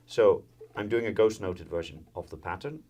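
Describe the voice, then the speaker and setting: A Dutch violin teacher with a fairly low, mellow voice gives a jazz violin lesson at a normal speed. He explains step by step, uses frequent fillers and counts in, while violin and guitar play in the background.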